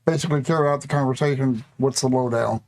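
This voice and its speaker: A man's voice: medium pitch, fast, darkish tone. A man playing in a tabletop game, asking the game master direct practical questions. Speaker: player. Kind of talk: tabletop role-play chat.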